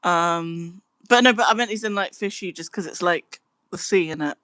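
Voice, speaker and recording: A young woman chatting casually on a live stream, answering her chat in a relaxed way. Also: lowish voice, normal speed, no echo. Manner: chatty, giggly, breaks into laughing fits.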